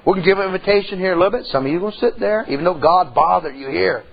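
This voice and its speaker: Middle-aged male pastor, folksy storyteller, husky voice, dull lo-fi church recording. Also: sits high, racing. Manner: folksy storytelling preacher, swings from loud to hushed. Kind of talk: sermon.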